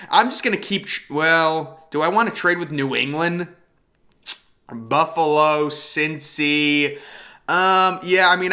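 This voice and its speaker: A young man giving casual, excitable commentary while making mock draft trades, thinking aloud and laughing often. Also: a little high. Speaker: NFL draft video creator.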